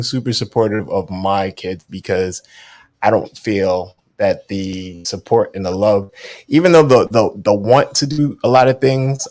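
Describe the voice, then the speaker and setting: Low-voiced man for a podcast co-host, unhurried and thoughtful. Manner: calm and measured, thinks aloud with hesitations. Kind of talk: casual podcast chat.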